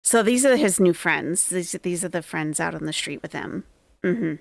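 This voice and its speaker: A woman's voice: fairly low pitch, lively intonation, normal speed, vocal fry, no echo. A woman hosting a reaction stream, giving dry, wary commentary on a clip. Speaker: channel host reacting to a clip.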